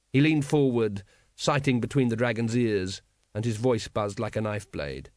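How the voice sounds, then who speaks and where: A male narrator reading fiction in a measured, expressive way, at a middling pitch. The recording is close and dry, with no room sound behind him. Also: dry recording. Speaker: audiobook narrator. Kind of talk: scripted narration.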